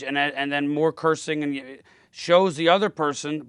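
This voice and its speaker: Man, fairly high voice, smooth and clear, emphatic podcast debater, acts out quotes. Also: steady tone, normal speed, fairly bright tone, no echo, clean studio sound.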